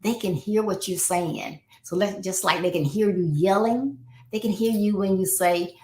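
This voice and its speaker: A woman's voice: mid-range voice, normal speed, hardly any pauses, warm tone. A woman life coach hosting a live parenting advice talk, speaking conversationally and acting out exchanges between parents and children. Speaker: life coach and show host. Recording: roomy echo.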